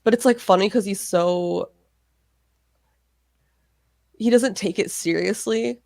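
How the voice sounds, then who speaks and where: Young woman podcast cohost, lots of vocal fry, wry and dry, close mic no room. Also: medium pitch, slow, a little mellow, no room sound. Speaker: podcast co-host and editor. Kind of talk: casual chat.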